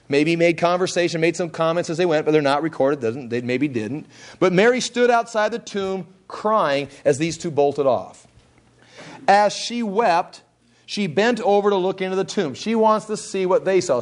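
A man with a notably high-pitched voice teaches from scripture in a relaxed, conversational way. He retells the story in his own words, restarting sentences and briefly acting out what the people said. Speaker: preacher teaching the Bible.

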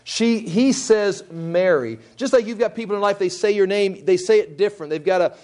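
Teaching from the Bible, this preacher has a notably high-pitched voice and a relaxed, conversational manner. He moves fairly quickly, retelling the story in his own words, restarting sentences and briefly acting out what people said.

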